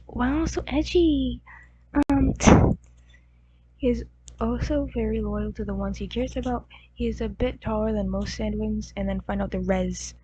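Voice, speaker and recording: A woman's voice: medium pitch, fairly even intonation, normal speed, warm tone, husky, no room sound. A woman with a groggy, crusty morning voice, casually rambling and giggling as she shows off her characters. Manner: rambling, giggly, lots of fillers. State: groggy, crusty voice from just waking. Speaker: channel host. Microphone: poor-quality home mic. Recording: dull muffled mic with faint hum.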